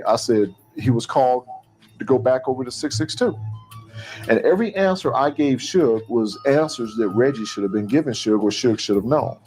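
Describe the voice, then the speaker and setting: A man's voice: medium pitch, normal speed, faint music behind, rough recording. A man telling a story from his own past, acting out what others said to him. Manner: animated retelling, acting out quoted dialogue. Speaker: interviewee recounting events. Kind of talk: storytelling interview clip.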